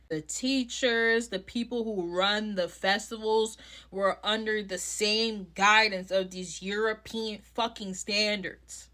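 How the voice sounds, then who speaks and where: A woman's voice: mid-range voice, sharp tone. A young woman with a New York accent ranting bluntly into her phone, swearing freely and hammering her points home. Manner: blunt, profane, heated. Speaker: clown content creator. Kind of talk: casual ranting vlog.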